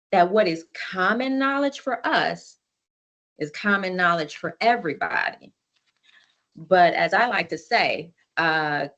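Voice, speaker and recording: A woman's voice: mid-range voice, fairly bright tone. A woman in her forties giving a conversational storytelling presentation over a video call, with many fillers and restarts. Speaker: conference presenter.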